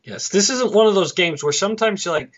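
A man's voice: high voice, fairly quick. A man with a Boston accent co-hosting a casual sports podcast, joking and wry. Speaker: podcast co-host. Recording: dull lo-fi audio.

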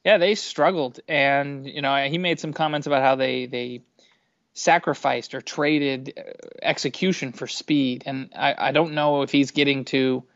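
A man's voice: medium pitch, fairly even intonation, moderate pace, creaky, fairly bright tone, no room sound. A man with a Boston accent co-hosting a casual sports podcast, chatty and hesitant. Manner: hesitant, chatty, laughs easily. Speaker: podcast co-host. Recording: dry dull lo-fi audio.

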